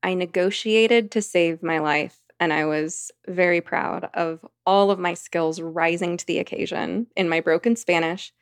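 A woman's voice: fairly low pitch, fairly even intonation, a little slow, hardly any pauses, no echo, clean studio sound. A woman, a podcast guest, telling a long personal anecdote in a rambling, vivid conversational way. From United States. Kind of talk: storytelling in conversation.

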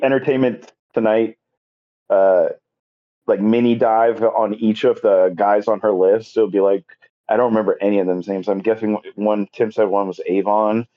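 A man's voice: fairly low pitch, highs cut off. Rambling man recapping a movie. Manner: rambling, filler-heavy retelling with acted-out quotes. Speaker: podcast co-host recapping a movie. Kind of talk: casual chat.

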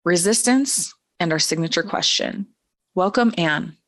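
A woman co-host reading a brisk scripted episode introduction. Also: fairly low pitch, lively intonation, a bit bright, no room sound. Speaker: podcast co-host.

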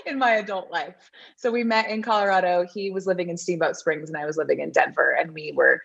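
A woman in her thirties talks as an interview guest, chatty and quick to laugh at herself. Her voice sits a little low for a woman. The sound is dull and lo-fi. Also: very animated, creaky, fairly bright tone, breathy edge. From American South. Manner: chatty, laughs often, self-deprecating. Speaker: podcast guest. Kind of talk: casual interview chat.

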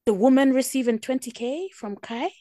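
A woman's voice: sits high, warm tone, no room sound. Easygoing girl cohosting, laughs easy, dry close sound. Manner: agreeable, quick to laugh. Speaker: podcast co-host. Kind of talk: casual chat.

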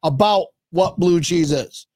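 A man hosting a casual sports podcast stream, loud and crude, laughing often as he jokes with his co-host. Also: fairly high pitch, a little slow, no echo, studio quality. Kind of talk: casual banter livestream.

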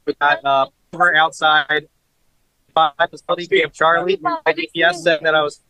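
A man giving a hurried, excited account on a live stream, played as a clip. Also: fairly high pitch, low-quality recording. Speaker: activist streamer stopped by police.

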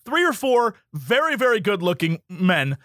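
High-pitched animated man chatting. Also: normal speed, dry recording, clean studio sound. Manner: animated, acts out quotes in voices. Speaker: podcast co-host. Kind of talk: casual chat.

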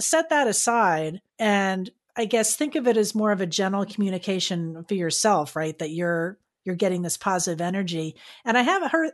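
A woman hosting a podcast interview, affirming her guest in a chatty, friendly way. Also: mid-range voice. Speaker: podcast host. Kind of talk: conversational interview.

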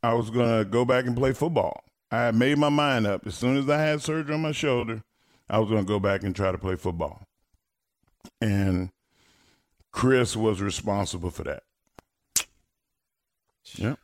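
Lower-voiced male guest, ex-wrestler, lively storyteller who swears freely. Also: moderate pace, pauses often. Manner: animated storyteller, swears, laughs, acts out quotes loudly. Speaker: guest, former pro wrestler. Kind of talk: casual storytelling on a podcast.

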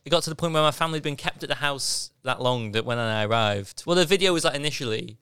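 A man's voice: mid-range voice, quick pace, smooth, no room sound, studio quality. A young man, a podcast guest who tells stories animatedly and mimics people. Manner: animated storyteller, mimics voices. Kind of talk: casual chat.

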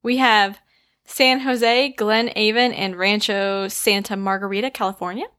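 A woman's voice: medium pitch, fairly even intonation, measured pace. Chatty woman podcast host. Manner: chatty, laughs often, reads out shout-outs. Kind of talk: casual podcast chat.

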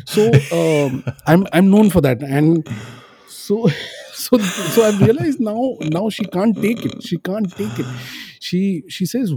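A father co-hosting a casual parenting podcast tells stories and rambles, using plenty of fillers and restarts. His high, mellow voice has lively intonation, a breathy edge and a slow pace, captured in a dry, studio-quality recording.

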